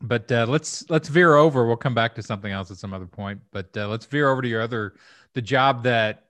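A man's voice: mid-range voice, fairly quick, a bit bright. A man hosting a casual interview, steering the talk with loose, joking asides. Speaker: podcast host.

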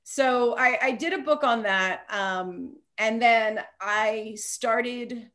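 A woman's voice: a little high, slow pace, a bit bright. A woman author talking casually as a podcast guest, chatty and self-deprecating, with frequent fillers and restarts.

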